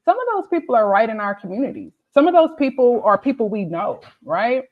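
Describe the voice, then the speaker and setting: A woman's voice: fairly high pitch, sing-song, brisk, narrow, tinny audio. A woman tutor giving a motivational, conversational talk to her students, often checking in with "okay?" and "right?". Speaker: pharmacy tutor.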